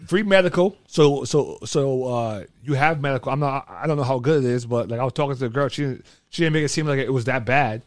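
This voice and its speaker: A man's voice: medium pitch, fast, no echo, studio quality. A man in casual chat, telling a story in a rambling way, full of restarts and fillers.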